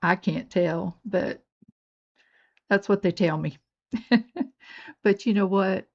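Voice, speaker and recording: With a gravelly, mid-range voice and a slow pace, an older North Georgia woman with a Southern accent narrates a jewelry-making demonstration. As host of a beading channel, she keeps up folksy, chatty talk while working through the tutorial, and the audio is lo-fi.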